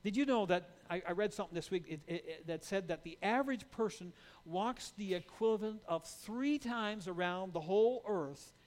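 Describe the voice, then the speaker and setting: A man with a fairly high voice preaches a sermon, talking to his listeners in a conversational way. He checks in with rhetorical asides and often stammers and restarts his sentences. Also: moderate pace.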